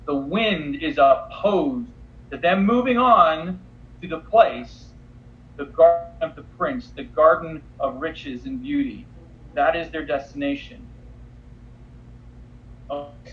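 A man leading a Bible study, reading scripture aloud and then explaining it in a conversational way. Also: on the high side. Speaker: Bible teacher. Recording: roomy, slightly dull recording with faint background noise.

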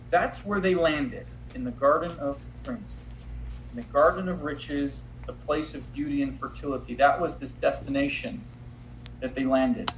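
A man leading a Bible study, reading scripture aloud and then explaining it in a conversational way. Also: high-pitched. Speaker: Bible teacher. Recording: roomy, slightly dull recording with faint background noise.

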